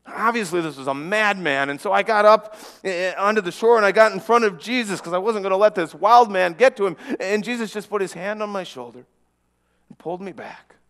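High-voiced man telling a story in a church. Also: in a large hall. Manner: earnest, with frequent restarts and dramatic hushes. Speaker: preacher in a first-person monologue. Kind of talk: dramatic first-person storytelling.

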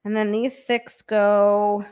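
A young adult woman chatting on a live stream from a room at home, excitable and chatty, thanking viewers by name and bursting into squeals. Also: medium pitch, slow, clean tone. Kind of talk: casual live-stream chat.

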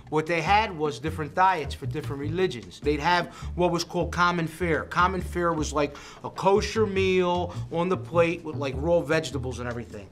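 A man's voice: on the high side, fairly quick, few pauses. Streetwise man telling stories while cooking. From Philadelphia. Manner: streetwise, rambling, animated storyteller. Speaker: cooking show host. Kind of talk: casual cooking demo with storytelling. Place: culinary school kitchen.

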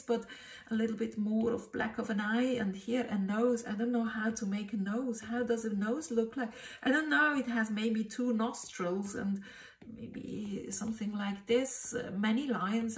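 Woman, drawing teacher, thinking aloud, hesitant, self-questioning, echoey room, distant mic. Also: mid-range voice. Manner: hesitant, muttering, many fillers and self-questions. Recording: roomy echo, distant mic.

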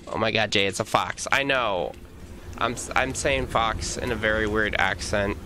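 A man's voice: lowish voice, moderate pace, noisy background. A young man streaming a video game live, joking, exclaiming and talking to his chat. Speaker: gaming streamer.

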